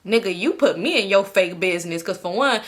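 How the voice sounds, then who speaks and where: A woman's voice: medium pitch, lively intonation, fairly quick. A young woman in her twenties chats straight to her viewers, swearing freely and laughing often as she tells her story. Her tone is candid and unfiltered, like talking to friends. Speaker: vlogger. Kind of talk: casual storytime chat.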